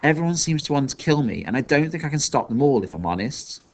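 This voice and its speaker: A man's voice: a little high, very animated, quick pace. A man doing a wheezing, defiant wild boy. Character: wild, bold, confused young boy.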